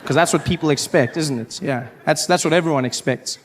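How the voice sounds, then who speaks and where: A man's voice: a little high, brisk, background noise. A South African man doing a stand-up comedy set, wry and self-mocking, acting out people as he talks. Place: live comedy stage.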